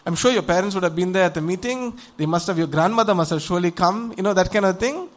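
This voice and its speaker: A man's voice: high voice, fast talker. A man preaching a sermon, retelling a Bible story in a conversational way and often asking his listeners questions. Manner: conversational, rhetorical questions to the audience; animated storytelling with acted voices.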